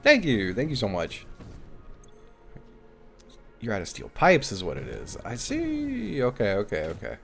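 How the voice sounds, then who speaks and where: Casual young male game streamer, low voice that swings up and down a lot, swears freely, faint game music underneath. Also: wildly swooping pitch, measured pace, vocal fry, pauses often, a bit bright. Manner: chatty, swears, thinks aloud, thanks viewers. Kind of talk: casual live-stream chat while playing.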